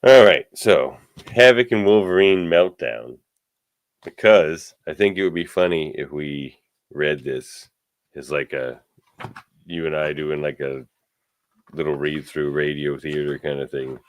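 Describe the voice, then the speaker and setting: A man with a very deep voice co-hosts a podcast in relaxed casual chat. He drops dry, joking asides, recorded close and dry with no room sound. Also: unhurried, no echo. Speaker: podcast co-host.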